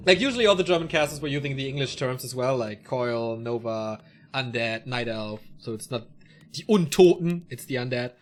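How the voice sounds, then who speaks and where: A man's voice: medium pitch, lively intonation, normal speed. A man casting a strategy game match alone, calling the play and joking between calls. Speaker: esports caster. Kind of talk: solo play-by-play game commentary.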